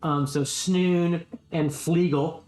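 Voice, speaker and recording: A man's voice: fairly high pitch, steady tone, slow, darkish tone, roomy sound. A man narrating as game master of a tabletop game, hesitant, with many ums and restarts.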